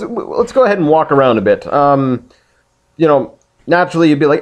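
A man's voice: medium pitch, animated, fairly quick. A man hosting a casual video game playthrough, joking around and reading the game text aloud. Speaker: let's play host.

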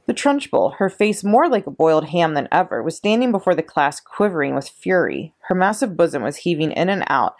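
Expressive woman reading a children's story. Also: sits low. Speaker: children's librarian reading aloud. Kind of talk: children's story read-aloud.

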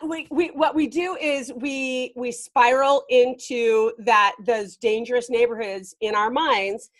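A woman life coach talking as a guest on a casual podcast interview, animated and emphatic. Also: a little high, takes it slowly. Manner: animated and emphatic, laughing often.

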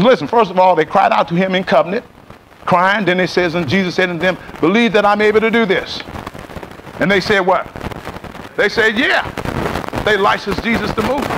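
There's a little hiss or hum as a middle-aged pastor preaches in his church sanctuary. Using a high-pitched, sharp voice, he calls for the congregation to respond and repeat after him.

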